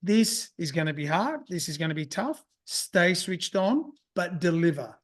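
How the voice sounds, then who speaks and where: A man's voice: high-pitched, expressive, a little slow. A man in casual podcast chat, rambling and swearing as he acts out his own thoughts. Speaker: podcast guest.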